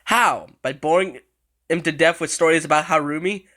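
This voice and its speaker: A man chats through clips in a casual reaction video. His voice is bright and sits a little on the high side. He laughs often and swears freely. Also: normal speed.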